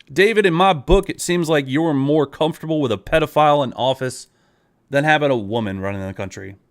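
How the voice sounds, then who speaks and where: A man's voice: a little high, fairly quick. A man ranting at his viewers in a live video, profane and exasperated, talking straight at them. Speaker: online creator.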